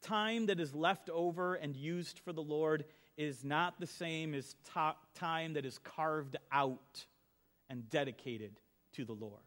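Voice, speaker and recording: High-voiced man preaching a sermon. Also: takes it slowly. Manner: conversational storytelling, swings from soft to emphatic. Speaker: pastor.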